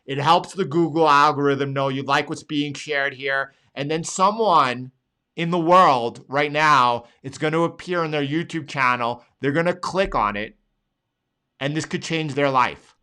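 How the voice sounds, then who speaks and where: A man hosts a live trading show, going over charts one by one. His voice is bright and a little tense, and he leans hard on his points and says them again and again. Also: fairly high pitch, a little slow, clear, resonant tone. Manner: emphatic, pleading, repeats phrases. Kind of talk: live market analysis.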